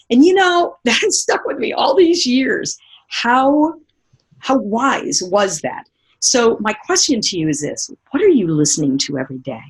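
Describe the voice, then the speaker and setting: A middle-aged woman speaker giving a motivational seminar talk, telling lively stories and asking the audience direct questions. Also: mid-range voice, unhurried, husky. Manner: animated storytelling, acting out remembered voices.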